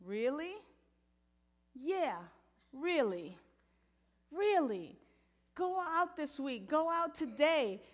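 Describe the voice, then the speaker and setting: A woman minister giving a lively, playful sermon, talking straight to the congregation and moving into a softer guided meditation. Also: high voice, very slow, long pauses.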